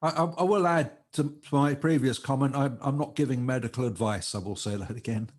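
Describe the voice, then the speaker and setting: A man hosting an interview, talking haltingly and repeating his words. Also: medium pitch. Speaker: interview host. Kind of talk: casual interview talk.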